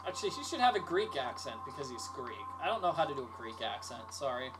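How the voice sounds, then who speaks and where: A man's voice: medium pitch, sing-song, fast talker, hardly any pauses, music in the background. Playful man streaming his own game. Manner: joking, playful, reads all the characters himself. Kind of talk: livestream commentary reading game dialogue aloud.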